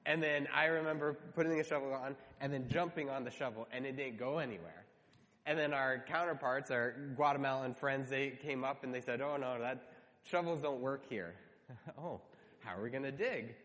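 A man's voice: medium pitch, a bit bright. Man preaching in a reverberant church hall. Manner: conversational storytelling, earnest. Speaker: pastor. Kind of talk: sermon with a personal story.

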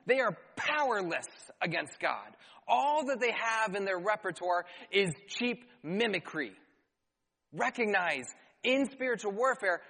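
A man's voice: high-pitched, fairly bright tone. A man preaching a sermon as pastor, reading scripture aloud and adding rhetorical questions and dry asides. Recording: long hall reverb.

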